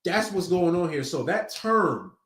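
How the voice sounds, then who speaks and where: Male preacher, conversational slangy delivery, animated, echoey room. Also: high voice, measured pace. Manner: casual street slang, conversational. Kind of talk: sermon teaching.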